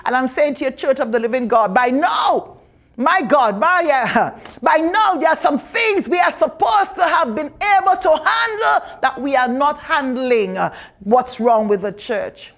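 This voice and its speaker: Tobagonian woman pastor, high pitch, slow deliberate delivery, passionate sermon with bursts of shouting. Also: lively intonation. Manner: impassioned preaching, rising to shouts.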